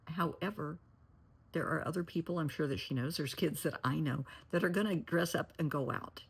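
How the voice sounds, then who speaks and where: A middle-aged woman with a low, gravelly voice and a husky, breathy edge, talking straight to camera as a therapist. She gives earnest, cautionary advice and often sinks to a near-whisper to press a point. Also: normal speed. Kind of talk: direct-to-camera advice talk.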